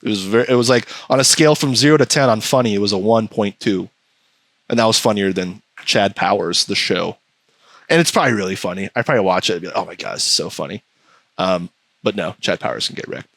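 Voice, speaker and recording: A man's voice: fast talker, a bit bright, no echo. A man hosting a podcast in casual chat, ranting sarcastically about a TV show. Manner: ranting, sarcastic, mocks voices in a high pitch. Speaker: podcast host.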